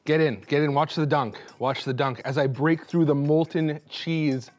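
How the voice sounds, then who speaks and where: A young man hosting a cooking show, rambling and joking excitedly as he cooks and tastes in a studio kitchen. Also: on the high side, normal speed. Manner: hyped, rambling, joking, laughing between lines. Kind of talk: casual on-camera cooking chatter.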